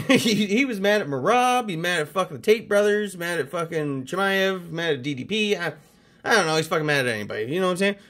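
Man, from canada, card channel host, swears nonstop, hyped, slightly high voice. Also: fast. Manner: profane, excitable hype talk. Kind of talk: casual mail-day chat.

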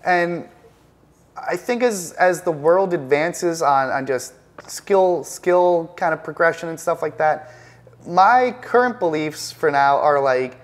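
A man, a professional trader, talking as the guest in an indoor interview, intense and emphatic, often repeating words as he builds a point. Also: fairly high pitch. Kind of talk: conversational interview. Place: penthouse apartment, indoors.

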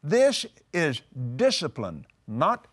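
An older man, teaching on a talk show, emphatic and animated, repeating words for force. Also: a little high, slow pace, breathy edge. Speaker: preacher. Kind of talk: conversational teaching.

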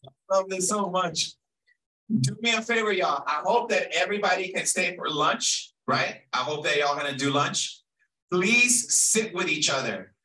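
Bright-voiced man leading a crowd. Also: high voice, moderate pace, recorded from a distance, rough recording. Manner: energetic, playful, calls to the crowd. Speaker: workshop facilitator. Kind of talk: leading a group activity. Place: large event hall.

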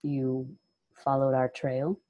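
A woman reading aloud voices a stern, watchful warrior man who stays grave and reserved. The delivery is calm and measured, low and dark in tone, and a bit quieter than the narration. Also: breathy edge.

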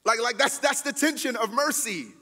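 A man's voice: very high-pitched, normal speed. A man preaching a sermon as pastor, casual and emphatic, talking straight to the congregation. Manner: conversational preaching, lively and emphatic. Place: church hall. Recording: long hall reverb.

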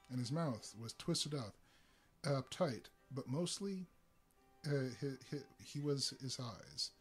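Brief: husky male storyteller at mid pitch, unhurried, with lots of "uh" fillers. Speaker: narrator. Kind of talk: live reading of a story.

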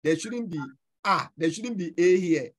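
Ghanaian man teaching French, high voice. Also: poor audio. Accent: Ghanaian English. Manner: explains slowly, repeats words. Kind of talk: online class review.

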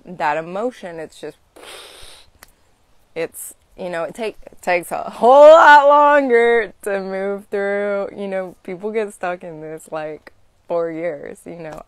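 A woman's voice: mid-range voice, slow. A young woman chatting casually to viewers about energy healing, rambling with lots of "you know" and "like". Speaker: Reiki practitioner hosting a live stream. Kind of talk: casual spiritual chat to viewers.

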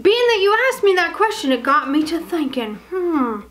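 Lady vlogger chatting, bright sharp tone, teasing bossy banter. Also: very high voice, sing-song, moderate pace. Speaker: vlog host. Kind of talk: casual chat.

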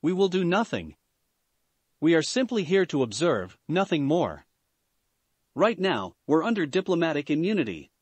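A stern woman leader giving firm orders, as a man puts her on in a story reading. The delivery is lively and rises and falls, and the sound is dry and close. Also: on the high side, normal speed, pauses often, breathy edge, no echo. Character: woman leading a group, stern and commanding.

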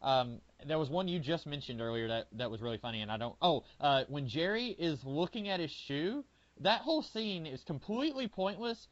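A man's voice: on the high side, animated, moderate pace, no room sound. A man co-hosting a podcast in casual chat, rambling with lots of fillers as he retells scenes with animation. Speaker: podcast co-host. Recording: dull lo-fi audio.

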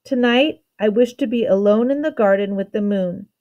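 A woman's voice: medium pitch, normal speed, warm tone, muffled recording, lightly acted. A woman reading aloud and voicing an amused, playful male king who gives orders in a teasing way. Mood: commanding. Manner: commanding yet teasing.

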